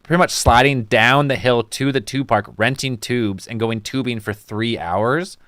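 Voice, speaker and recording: A man on a podcast in casual chat, talking excitedly and haltingly, stacking up fillers as he goes. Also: mid-range voice, no echo, studio quality. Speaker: podcast co-host.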